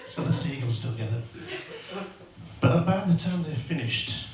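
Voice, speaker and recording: A man's voice: mid-range voice, animated, a little slow. A man works a comedy club stage, spinning crude family anecdotes and tossing tag questions at the crowd. His voice leaps up and down. The sound is echoey and distant, with a little noise underneath. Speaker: stand-up comedian. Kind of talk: stand-up comedy routine. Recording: echoey venue, mic far off.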